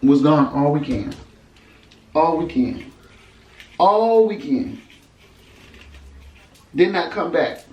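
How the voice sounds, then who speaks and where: A woman recounting a personal story in a storytime vlog, talking emphatically and conversationally. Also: low voice. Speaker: vlogger telling a personal story. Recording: roomy echo, mic at a distance, faint background hum.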